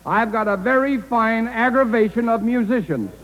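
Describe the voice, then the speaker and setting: A man playing a gruff, blunt bandleader who mangles words in a 1940s radio comedy. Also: extremely high pitch, normal speed, background noise. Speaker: guest bandleader. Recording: old broadcast with hall reverb.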